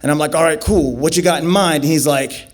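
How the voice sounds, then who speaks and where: A young man tells a personal story to a festival crowd from the stage. His voice sits a little on the high side. He acts out every exchange with lively, animated swings and climbs into excited shouts when the story peaks. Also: fairly quick.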